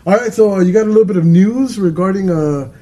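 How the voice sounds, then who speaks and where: Male podcast host, slightly high voice, mellow tone, joking, swears freely. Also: fast. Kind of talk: casual podcast chat.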